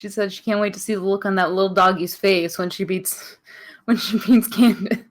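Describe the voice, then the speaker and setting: A young American woman from upstate New York, co-hosting a podcast in loud, animated, joking casual chat. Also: mid-range voice, normal speed. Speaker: podcast co-host.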